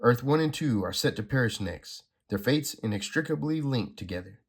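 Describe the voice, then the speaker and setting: A man reading a comic aloud, voicing an ancient, dying cosmic guardian in a measured, grave way. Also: medium pitch, lively intonation, slightly rough, voice pushed up. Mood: solemn.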